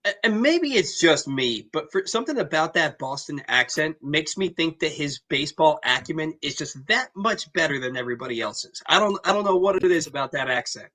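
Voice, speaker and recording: A man's voice: on the high side, animated, a little fast, few pauses, bright, forceful tone, poor audio. A man co-hosting a sports podcast, talking casually and with animation.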